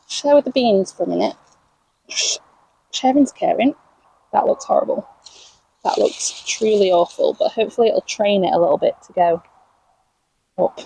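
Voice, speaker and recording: A woman's voice: mid-range voice, gravelly, warm tone, breathy edge, low-quality recording. A young woman from England chatting casually while planting on her allotment, talking to her plants and laughing at herself, recorded outdoors on a camera mic as she moves around. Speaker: allotment vlogger. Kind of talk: casual chat while gardening.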